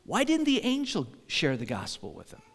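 A man's voice: on the high side, wildly swooping pitch, normal speed, vocal fry, in a large hall. A man pastor giving a sermon, telling stories in a conversational way and asking the congregation questions.

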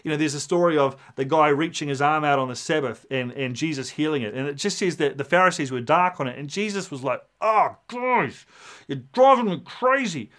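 A man preaching a sermon with a somewhat high voice. He tells it like a story, animated, and acts out the voices of the people in it. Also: fast talker, hardly any pauses. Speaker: pastor.

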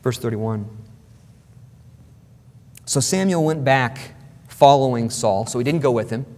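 A man's voice: medium pitch, measured pace, darkish tone. Emphatic male preacher, echoing hall. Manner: emphatic, repeats phrases for stress. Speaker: pastor. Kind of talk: sermon. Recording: long hall reverb.

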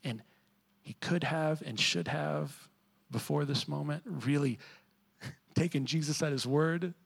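Man preaching, quiet to emphatic. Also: on the high side, expressive, takes it slowly, gravelly, breathy edge, low-quality recording. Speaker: pastor. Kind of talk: sermon.

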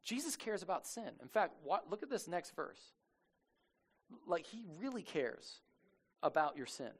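A man preaching a casual sermon as a lively storyteller, slangy and animated, acting out the people he quotes. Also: sits high, unhurried.

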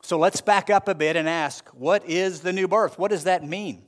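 A male pastor delivering a sermon with a slightly high, clear voice. He speaks earnestly and at a measured pace, stretching out key phrases for weight. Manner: earnest, measured preaching with slow emphatic phrases.

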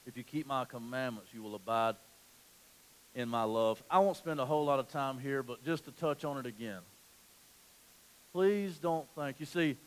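A man preaching a sermon in a church. He swings from quiet, low stretches to loud, emphatic passages and often restarts his phrases. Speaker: pastor.

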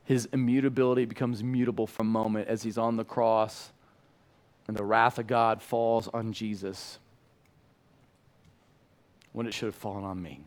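A middle-aged man preaching a sermon in a church in a lively, conversational way, moving between loud and hushed passages. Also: on the low side, normal speed, pauses often. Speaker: pastor.

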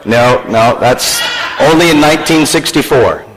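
A man's voice: mid-range voice, measured pace, big-room sound, poor audio. A man preaching a sermon as pastor, joking and teasing his congregation.

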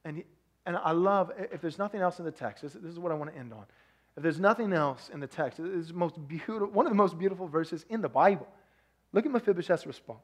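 A man from Texas with a Texan accent, preaching a sermon as pastor, swinging between loud emphasis and soft hushed asides. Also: high voice, fast.

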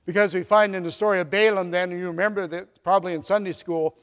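A man with a high voice preaches in a church, telling a story and voicing its characters as he goes. He swings between loud declarations and quiet asides. His voice rings out with the long reverb of a large hall. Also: steady tone, fast talker, smooth. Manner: storytelling, acts out the quoted dialogue with big swings in loudness. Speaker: pastor. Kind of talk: sermon.

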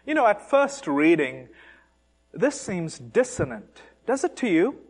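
Male preacher, high and very expressive voice, slow deliberate delivery, animated and mocking. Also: vocal fry. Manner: animated, mocking emphasis on taunts, rhetorical questions. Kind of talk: sermon.

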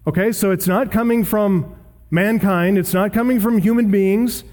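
A man preaching an expository sermon as pastor, emphatic and slowing down to stress scripture quotations. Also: sits high, a little mellow.

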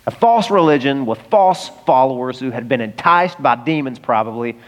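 A man preaching a sermon, retelling scripture in an animated, humorous storytelling way. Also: mid-range voice, normal speed, big-room sound. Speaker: pastor.

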